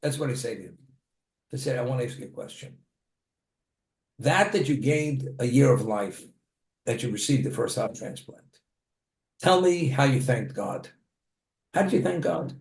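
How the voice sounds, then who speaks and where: A man's voice: medium pitch, lively intonation, moderate pace, creaky, long pauses, a little mellow, reverberant. A man delivering a plain-spoken sermon, telling a story from his own life with the occasional restart.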